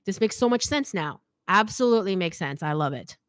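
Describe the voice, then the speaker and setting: A middle-aged woman hosts a relaxed live Q&A and reads viewer comments aloud. She talks loosely and laughs easily, with plenty of "like" between her thoughts. Her voice sits at an ordinary pitch, and the recording is dry and close. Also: fairly quick, dry recording. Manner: chatty, laughs often, says "like" a lot. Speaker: fashion YouTuber hosting a live Q&A. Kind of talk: casual livestream chat reading comments.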